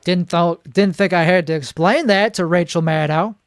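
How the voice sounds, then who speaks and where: A male comedian in a solo monologue, rambling in a deadpan way and correcting himself mid-sentence. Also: high-pitched, normal speed, dry recording, clean studio sound.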